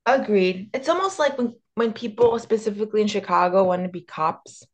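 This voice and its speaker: A woman's voice: mid-range voice, brisk. A young woman from the US, co-hosting a podcast in casual chat, blunt and sarcastic and swearing freely. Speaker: podcast co-host.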